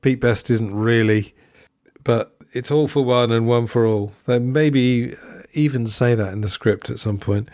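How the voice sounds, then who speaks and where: A man's voice: mid-range voice, measured pace, a little mellow, no echo, clean studio sound. A man hosting a podcast, talking through a film review in a musing, digressive way with asides. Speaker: podcast host. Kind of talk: solo film review commentary.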